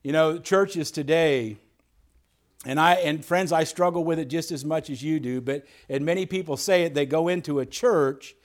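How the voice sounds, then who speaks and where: A man's voice: on the high side, normal speed. A man preaching as a pastor, earnest, often repeating words and restarting as he goes. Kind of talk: sermon.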